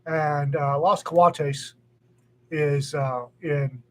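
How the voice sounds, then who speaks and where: A man's voice: on the high side, fairly even intonation, very slow, slight background noise. A man chatting casually as a podcast co-host, rambling with many restarts. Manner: rambling, frequent restarts and fillers. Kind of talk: casual chat.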